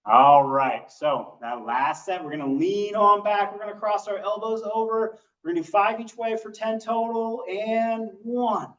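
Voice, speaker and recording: A man's voice: high voice, moderate pace, hardly any pauses, fairly bright tone, far from the mic, low-quality recording. A man leading a seated exercise class, counting repetitions aloud in an upbeat, encouraging way and a little out of breath. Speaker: exercise instructor.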